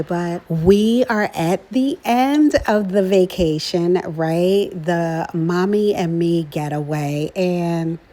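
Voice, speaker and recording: A middle-aged mother narrating a casual travel vlog, chatty and affectionate, often tagging her sentences with "right?". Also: fairly low pitch. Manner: chatty, keeps adding "right?"; warm and emotional about her daughter. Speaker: vlogger, mother.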